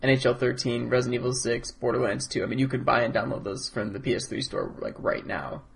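A man co-hosting a casual gaming podcast, relaxed with dry jokes. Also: mid-range voice, quick pace. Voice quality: gravelly, raspy. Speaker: podcast co-host.

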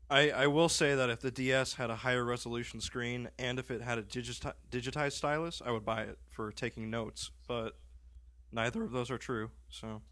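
A man's voice: mid-range voice, steady tone, a little fast, fairly bright tone, dry recording. A young man co-hosting a podcast, chatting casually with dry, wry remarks. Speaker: podcast co-host.

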